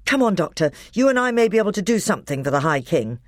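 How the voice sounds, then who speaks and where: A tense, loyal boy, as a woman reads him, quick and clipped, with a voice well above her own. It is recorded dry and close. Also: lowish voice, big pitch swings, no room sound, pitched above the performer's own voice.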